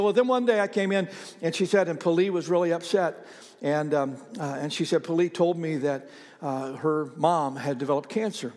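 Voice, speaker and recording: A man preaching a sermon as pastor, telling a story conversationally with frequent fillers and pauses. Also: fairly high pitch, a little mellow, long reverb tail.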